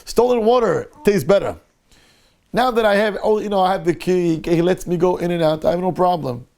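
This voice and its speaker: A man with a brisk, high-pitched voice teaches a Torah class as a rabbi. He's a lively storyteller who performs the roles of the people in his tale.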